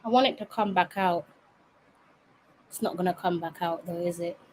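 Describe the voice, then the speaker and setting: A woman's voice: fairly low pitch, moderate pace, darkish tone, slight background noise, poor audio. A young woman talking casually to her viewers, exasperated and dramatic, rambling on. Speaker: vlogger. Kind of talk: casual chat to camera.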